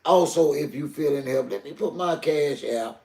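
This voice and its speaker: A man's voice: a little high, normal speed, warm tone, echoey room. An older man, talking heatedly and directly to his live stream chat. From Southern US. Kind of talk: emotional live stream talk.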